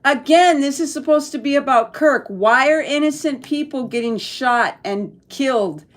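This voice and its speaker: Live-stream host, woman from El Paso, middle-aged, blunt and profane, a bit high-pitched. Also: moderate pace. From El Paso, Texas. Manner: blunt, profane, talks back to chat. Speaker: livestream host reading chat. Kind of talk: casual live-stream chat.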